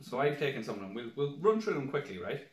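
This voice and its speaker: A man's voice: mid-range voice, big pitch swings, fast. A man, co-hosting a casual podcast, swearing freely and laughing through his stories. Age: 20s. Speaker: podcast co-host. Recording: roomy, mic at a distance.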